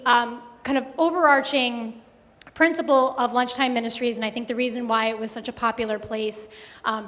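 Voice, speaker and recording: A woman telling a personal story live at a story slam, conversational with many pauses and fillers. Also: fairly high pitch, a bit bright. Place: live event hall. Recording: long hall reverb.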